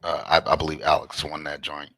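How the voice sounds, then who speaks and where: Man, very deep voice, bright tone, lively pitch, casual swearing co-host chat, dry sound. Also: brisk, dry recording. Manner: laughs a lot, relaxed, swears, says "and whatnot". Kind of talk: casual post-debate chat.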